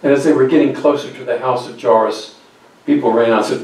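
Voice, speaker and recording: A man's voice: mid-range voice, fairly even intonation, fast talker, darkish tone. Man preaching a story in an echoey church. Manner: acts out quoted voices, drops to near whispers. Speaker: guest speaker. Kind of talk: storytelling sermon. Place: church sanctuary. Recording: very echoey church recording from far off.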